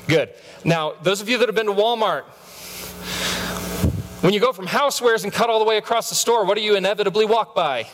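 A brisk, slightly high, fairly bright voice belongs to a man in his thirties preaching as a pastor. He tells stories with humor aimed at himself and stammers into repeats, all echoing with a large hall's long reverb.

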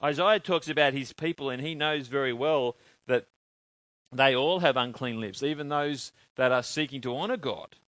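A man preaching a sermon, in an animated way, asking his congregation questions and answering them himself. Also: medium pitch, normal speed, no room sound.

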